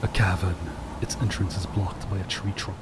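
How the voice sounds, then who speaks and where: A man's voice: low voice, steady tone, moderate pace, noisy background. A man from Quebec casually commenting on a game he plays, joking with his chat and reading game text aloud. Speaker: gaming streamer. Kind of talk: casual let's-play commentary.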